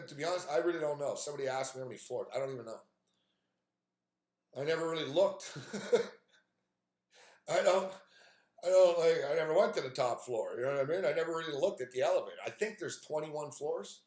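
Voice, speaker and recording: A man's voice: a little high, fairly quick, pauses often, a little mellow. Profane ranting man in echoey room. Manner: exasperated, profane storytelling with frequent fillers. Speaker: live stream host.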